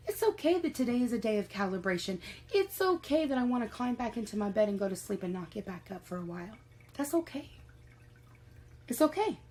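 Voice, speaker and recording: A woman's voice: a little high, darkish tone, low-quality recording. A woman giving a spiritual reading to her viewers as host of her own channel. She speaks in an encouraging way, repeats her phrases and swears casually. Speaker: tarot reader.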